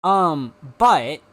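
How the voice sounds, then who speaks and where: Casual young streamer, light South African accent, mid-pitched and animated, chatty and easily distracted. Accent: slight South African, between British and American. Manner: giggly, rambling, easily sidetracked. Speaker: live streamer.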